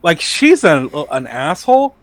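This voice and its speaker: A man's voice: fairly high pitch, sing-song, a little slow, no room sound. A man co-hosting a podcast in casual chat, blunt and swearing freely while commenting on a cartoon. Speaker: podcast co-host.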